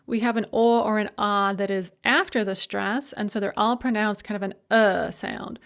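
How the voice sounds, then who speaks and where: A woman's voice: medium pitch, a little slow. A woman giving a recorded language lecture, explaining rules step by step and modeling each example word aloud. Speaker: language instructor.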